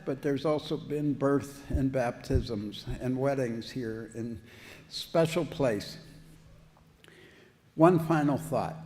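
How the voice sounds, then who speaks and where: A man's voice: medium pitch, warm tone, a little hiss or hum. A man, a visiting pastor, giving an anniversary speech in a church and telling a folksy, humorous story like a practiced joke-teller. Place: church sanctuary. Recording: long hall reverb.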